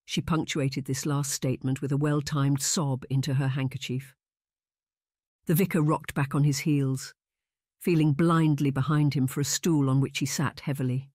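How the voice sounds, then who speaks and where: An audiobook narrator reading a historical romance in an even, unhurried way. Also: mid-range voice, no room sound, clean studio sound. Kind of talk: scripted narration.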